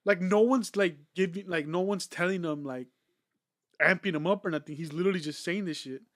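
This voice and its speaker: A man's voice: sits high, a little fast, fairly bright tone, no room sound, clean studio sound. A young man hosting a podcast, telling stories in a rambling, profane way, full of "like". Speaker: podcast host. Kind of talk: casual chat.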